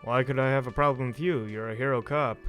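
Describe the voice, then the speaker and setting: A man's voice: medium pitch, a little fast, a bit bright, faint music behind, close to an everyday voice. A man doing a sarcastic grumpy cafeteria manager. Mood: irritated. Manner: sarcastic, exasperated. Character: grumpy male cafeteria manager demanding payment.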